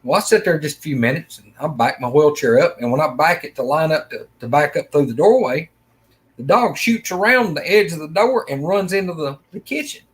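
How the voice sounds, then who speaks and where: Middle-aged man, slightly high voice, rambling folksy storyteller. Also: lively intonation, fairly quick. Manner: folksy, rambling, acts out quoted lines. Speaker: storyteller of a personal encounter. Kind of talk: casual first-person storytelling.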